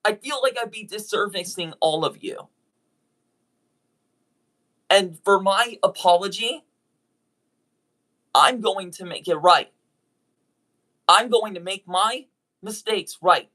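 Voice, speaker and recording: A YouTube voice actor talks to their audience in a slow, unhurried apology monologue. The delivery is earnest and halting, with frequent restarts, and the tone is bright and a little tense throughout. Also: medium pitch.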